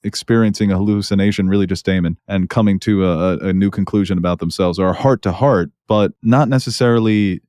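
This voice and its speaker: Deep-voiced man chatting in a dry room. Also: fairly quick, hardly any pauses, dry recording. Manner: animated, laughs while mocking scenes. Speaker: podcast co-host. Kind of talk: casual review chat.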